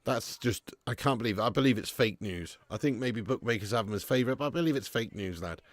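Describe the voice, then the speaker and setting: A fast-talking man with a mid-range voice hosts a football watch-along, keeping it casual with laughter and plenty of swearing while he reads viewers' messages. There's no room sound, and the style is relaxed live-stream chat.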